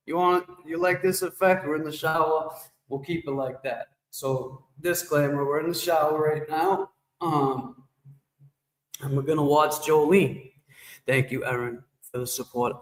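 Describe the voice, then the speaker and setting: A man livestreaming and chatting casually with viewers, rambling and joking as he talks back to the chat. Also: fairly high pitch. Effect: shower-like echo effect. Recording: echoey reverb effect on voice.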